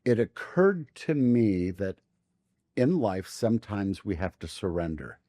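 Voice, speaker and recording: Man, podcast co-host, measured, reflective, advice-giving, dry close mic. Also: on the low side, big pitch swings, mellow, dry recording. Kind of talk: casual podcast chat.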